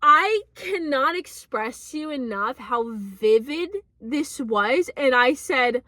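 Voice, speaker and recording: A young woman tells a personal story straight to the camera, high-pitched and emotional. She laughs nervously, swears often and fills her sentences with likes and ums. The sound is dry and close, with no room echo. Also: animated, takes it slowly, bright, forceful tone. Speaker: vlogger. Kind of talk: casual storytelling.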